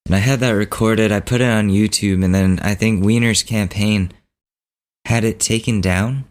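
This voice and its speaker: A man hosting a podcast, telling a story in a relaxed, rambling, casual way. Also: lowish voice, moderate pace. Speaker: podcast host.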